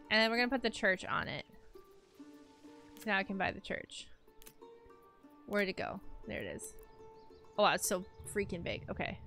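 A young woman streaming a game, chatting casually to her viewers, self-mocking and repeating words in quick loops. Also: a little high, bright, forceful tone. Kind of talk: casual gameplay commentary.

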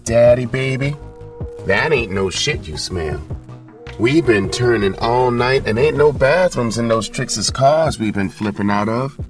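A man voicing a flattering young woman who works the streets for a pimp, in an audiobook reading. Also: medium pitch, measured pace, pitched above the performer's own voice, close to an everyday voice. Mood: wheedling. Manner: ass-kissing, pleading. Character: flattering young woman, a pimp's top earner. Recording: distant mic, faint music.

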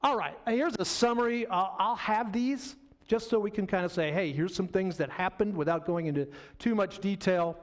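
A man's voice: high-pitched, moderate pace. A middle-aged man giving a history lecture in a loose, conversational way, with fillers and asides to the audience. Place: lecture hall.

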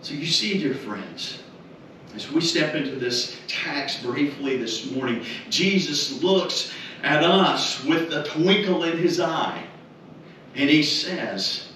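Slow, earnest preacher in an echoey chapel. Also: male voice, fairly high pitch, pushed and bright. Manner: earnest, repeats rhetorical questions. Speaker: officiant at a memorial service. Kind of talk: funeral sermon. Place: funeral home chapel. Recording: echoey chapel, mic far off, room noise.

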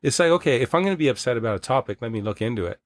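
A man from Canada, a podcast guest, telling stories in casual chat, swearing and animated. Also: mid-range voice, very fast, no room sound. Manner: profane, animated storyteller.

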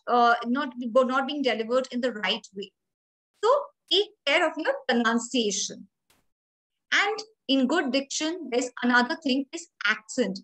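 Here a young woman with an Indian English accent addresses her audience head-on in a grooming training lecture, stressing and explaining her points. Her voice is high and fairly bright, though the recording quality is poor.

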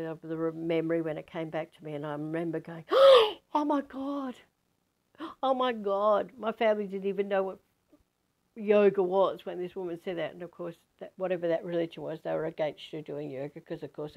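An Australian woman over fifty from Western Australia, telling a personal spiritual story in an animated way. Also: low voice, gravelly, highs cut off. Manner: animated, acts out quoted voices. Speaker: spiritual teacher.

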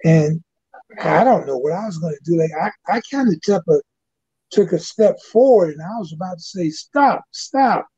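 An older man tells a personal story, halting and filling pauses with "you know." His voice is very dark, gravelly and husky. The dry, dull webcast audio sounds lo-fi. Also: fairly high pitch, animated, no echo. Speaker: guest. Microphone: webcast mic.

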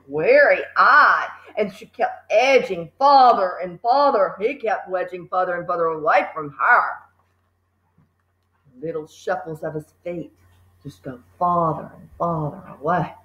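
A woman teacher reading a children's book aloud, adding lively asides to her listeners. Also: on the low side, roomy sound, highs cut off.

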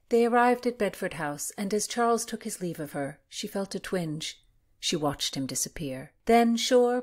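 A woman reading historical fiction aloud in a measured, expressive narration. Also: lowish voice.

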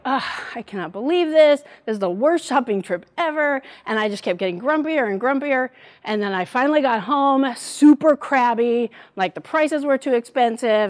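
A middle-aged woman giving a devotional church talk, telling a personal story in an animated way. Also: on the high side. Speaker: church speaker.

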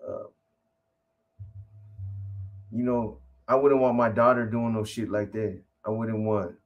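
A man's voice: on the low side, fairly even intonation, slow, dull audio. A man in a casual interview, telling a long story in rambling, profane street talk with many restarts. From California.

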